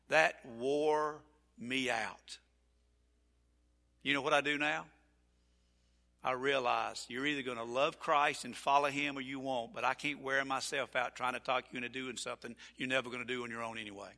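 A man preaching a sermon as pastor, folksy and animated, repeating his phrases. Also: medium pitch, normal speed, gravelly. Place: church sanctuary. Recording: church hall reverb.

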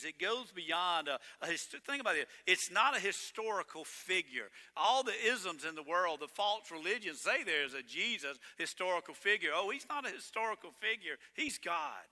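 Male pastor, sermon, very bright voice, slightly high, long church-hall reverb. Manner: emphatic preaching with big swings in volume.

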